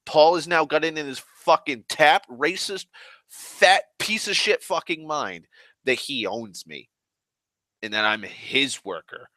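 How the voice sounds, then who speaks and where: Male ranter, forceful voice, dry sound, furious and foul-mouthed storytelling. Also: fairly high pitch, expressive, no room sound. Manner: angry, heavily profane ranting; dramatic pauses and repetition. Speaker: online ranter. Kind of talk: casual storytelling rant.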